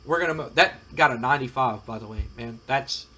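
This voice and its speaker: A man's voice: mid-range voice, fairly quick, bright, forceful tone. A man hosting a casual gaming commentary, chatty and rambling with frequent fillers. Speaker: host.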